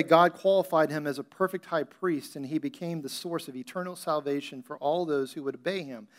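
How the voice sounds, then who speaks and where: A male pastor preaching a sermon in a conversational style, acting out scenes. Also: fairly high pitch. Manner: conversational preaching, acts out Bible scenes with playful voices.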